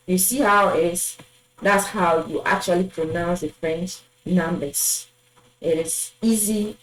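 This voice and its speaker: A woman teaching a French numbers lesson, saying each word twice and pausing with fillers. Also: fairly low pitch, roomy sound, rough recording. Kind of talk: language lesson, drilling numbers.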